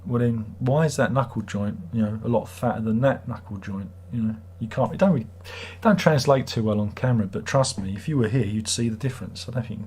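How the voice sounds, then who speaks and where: A man's voice: medium pitch, brisk, hardly any pauses, a little mellow, breathy edge. A middle-aged British man hosting a livestream, chatting in a rambling, wry, self-mocking way. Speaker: livestream host. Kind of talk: casual livestream chat.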